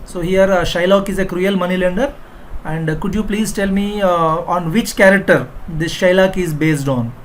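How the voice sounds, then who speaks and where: A male literature teacher with an Indian English accent gives an online exam-prep lecture, asking the class questions and filling pauses with "uh". His voice sits a little high, and a faint hiss of noise runs under the recording. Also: low-quality recording. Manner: repetitive, quizzing students, frequent uh fillers.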